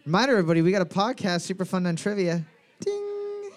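Racing along in a voice that sits high, a man hosts a live podcast trivia night. Between questions he teases the players with jokes and laughs often.

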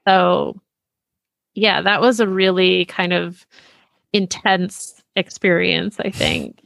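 A woman's voice: lowish voice, expressive, takes it slowly, creaky, fairly bright tone, no echo. Reflective woman, dry close sound. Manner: reflective, casual, uses "like" often. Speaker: interview guest, memoir author. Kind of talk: casual conversational interview.

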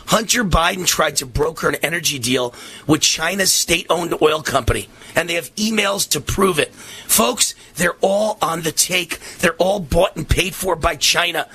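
A man's voice: on the high side, moderate pace, a little hiss or hum. Fiery middle-aged male talk radio host. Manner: fiery, impassioned ranting that rises to shouts. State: voice strained from shouting.

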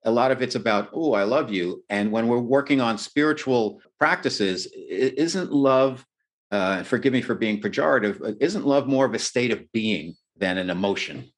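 A man's voice: medium pitch, normal speed. Thoughtful male interviewer. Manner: thoughtful, hesitant phrasing with restarts. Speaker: interviewer, host. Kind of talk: interview questions.

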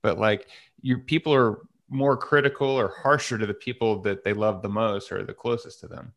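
A man's voice: on the low side, fairly even intonation, moderate pace, a bit bright. A young man co-hosting a podcast, talking in an easygoing, rambling way with lots of fillers. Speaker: podcast co-host. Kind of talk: casual chat.

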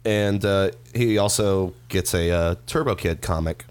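A man co-hosting a podcast, chatting casually and profanely as he recaps a movie, quick to laugh. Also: low voice, a little mellow, clean tone. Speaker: podcast co-host.

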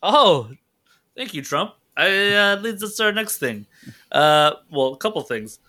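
A man leads a loose, joking podcast conversation and often laughs at his own puns. His voice sits a little high and sounds bright. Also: sing-song, a little slow. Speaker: podcast host. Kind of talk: casual chat.

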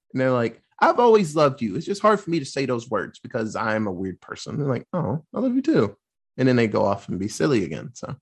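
A man casually recapping a film plot, swearing freely and acting out the characters' lines in quick put-on voices. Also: medium pitch. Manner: loose, profane, acts out quotes in quick voices. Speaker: podcast host recapping a film. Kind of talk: casual chat.

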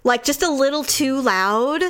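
A woman in her forties telling a story in casual chat, animated and laughing often. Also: sits high, measured pace.

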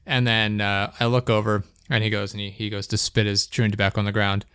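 A man in casual chat, telling a story in an animated way and chuckling along. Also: on the low side, fast talker, clean tone, dry recording, studio quality.

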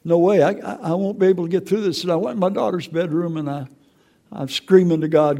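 An older man with a gravelly voice giving a personal, emotional testimony, telling stories and stumbling over repeated words. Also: sits high, steady tone, brisk, dark tone. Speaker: testimony speaker.

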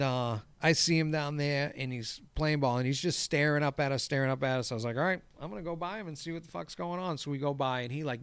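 A man's voice: medium pitch, a bit bright, clear, resonant tone, dry recording. Profane man telling a story, dry sound. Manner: profane, acts out quoted dialogue. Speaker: golf course crew boss. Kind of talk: casual storytelling.

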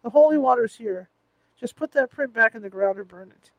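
A man voicing a sleepy, caring wife talking on the phone late at night, in a drowsy, gently reassuring way. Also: very high voice, fairly quick, dry recording, highs cut off. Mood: sleepy concern.

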